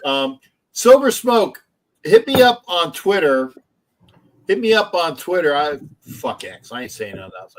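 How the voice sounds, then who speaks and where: A man's voice: fairly high pitch, rough recording. A man hosting a casual sports livestream, rambling with many restarts and the odd swear word. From Philadelphia area. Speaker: livestream host.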